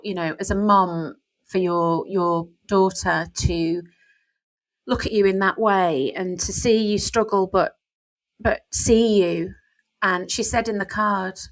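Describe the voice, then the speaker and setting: An author in middle age chats casually on her podcast, open and reflective, leaning heavily on "you know." Her voice is lowish with a fairly bright tone.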